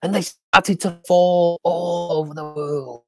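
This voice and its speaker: A storyteller telling a children's story on a livestream, drawing out repeated words and dropping into hushed whispers for suspense. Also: medium pitch, steady tone. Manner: slow, drawn-out repetition for effect.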